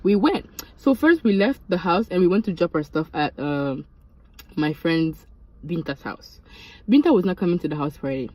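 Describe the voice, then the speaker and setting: Animated young woman telling a story. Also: moderate pace, no echo, lo-fi sound. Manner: animated, jumps into high-pitched quoted voices. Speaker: vlogger. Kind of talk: casual storytime.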